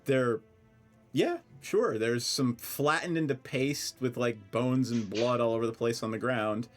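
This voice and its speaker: A man's voice: medium pitch, unhurried, faint music behind. A man running a tabletop game as game master, narrating scenes with a wry, amused manner. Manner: wry, laughs easily, animated delivery.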